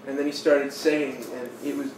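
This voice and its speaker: A man's voice: medium pitch, flat delivery, brisk, a little mellow. A man on a podcast tossing in dry, wisecracking asides. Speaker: podcast guest host. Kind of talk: casual chat. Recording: echoey, somewhat off-mic, with faint noise.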